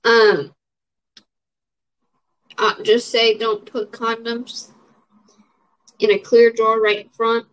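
A woman's voice: fairly high pitch, flat delivery, takes it slowly, pauses often. A young adult woman in a casual vlog, answering question prompts in a rambling, frank way with lots of fillers. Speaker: vlogger. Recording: dull lo-fi audio.

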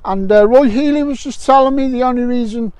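A high-voiced English man filming himself in the fields at a detecting rally. He chats and jokes with friends, laughing a lot. The sound is close and dry. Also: fairly quick, darkish tone, dry recording. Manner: jokey and chatty, laughing often. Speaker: vlogger at a metal detecting rally. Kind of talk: casual vlog chat. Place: fields outdoors. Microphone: camera mic, wind noise at times.

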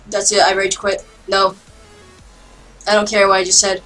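Woman, gaming commentary, unhurried delivery, excitable and self-mocking, faint music behind. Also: medium pitch. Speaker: gaming channel host. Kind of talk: casual gameplay commentary.

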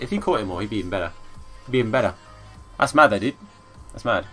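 A young man commenting live on a football video game as a streamer, chatting with viewers and bursting into excited shouts at the play. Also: on the low side, fairly quick. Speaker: gaming streamer. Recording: faint background music.

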